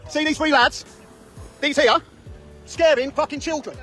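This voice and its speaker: An angry father confronting men on a street, shouting and swearing as he films on a phone. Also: very high voice, steady tone, unhurried, soft background music. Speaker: angry parent filming a confrontation. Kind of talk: heated street argument. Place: outdoors on a street.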